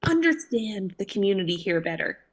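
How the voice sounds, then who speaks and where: A woman's voice: mid-range voice, big pitch swings, a little fast, breathy edge. A woman voicing a shrewd trader who haggles in a coy, wheedling, playful way. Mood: haggling.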